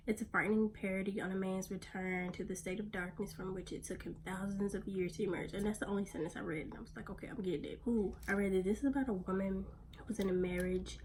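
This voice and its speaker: A woman's voice: mid-range voice, fairly even intonation, quick pace, a little mellow, slight background noise. Chatty, slangy woman vlogging on the go. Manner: chatty and slangy, talks straight to viewers. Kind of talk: casual vlog chat. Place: on the go, car and errands.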